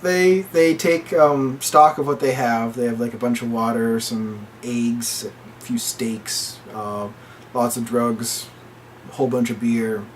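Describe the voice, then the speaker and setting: A man casually retelling a movie plot, with lots of "like" fillers, and he jumps into high voices to quote the characters. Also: fairly even intonation, unhurried, recorded from a distance, slight background noise. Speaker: movie reviewer.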